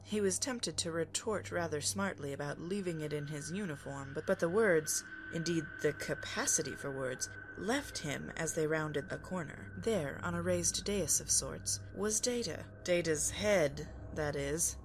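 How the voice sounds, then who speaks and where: A woman podcast host reading fan fiction aloud in a calm, even storytelling manner. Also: sits low, unhurried, few pauses, slight background noise. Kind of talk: audiobook narration.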